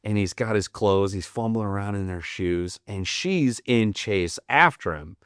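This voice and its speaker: A man's voice: on the low side, animated, measured pace, clear, resonant tone, no room sound, clean studio sound. A young man telling rambling, profane anecdotes in casual podcast talk, laughing often. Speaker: podcast guest, Marine veteran. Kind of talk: casual storytelling.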